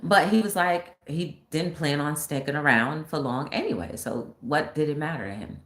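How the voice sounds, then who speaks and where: A woman's voice: low voice, normal speed. A woman talk show host casually retelling a film story, acting out the scenes as she goes. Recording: echoey room with faint noise.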